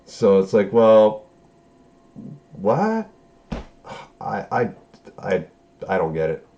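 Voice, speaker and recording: A man's voice: sits low, a little slow, dark tone, dull audio, slight background noise. A man giving a casual recap of a show episode, profane and sarcastic, breaking into incredulous outbursts. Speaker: show reviewer.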